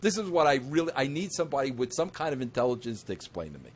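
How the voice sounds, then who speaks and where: A man hosting an interview, talking in an emphatic, repetitive way that climbs into excited outbursts. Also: medium pitch, fast, noisy background. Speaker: interview host. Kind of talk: opinionated wrestling talk.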